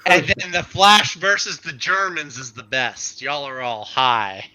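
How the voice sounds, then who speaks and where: A man's voice: a little high, unhurried, pushed and bright, slight background noise, low-quality recording. A man on a casual panel, blunt and teasing about the picks. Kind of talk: casual group discussion.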